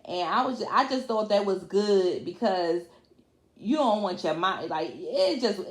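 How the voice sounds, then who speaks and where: Chatty woman recapping TV, echoey room. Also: mid-range voice. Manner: chatty, colloquial, laughs often, many fillers. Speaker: reality TV recap vlogger. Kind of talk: casual recap chat.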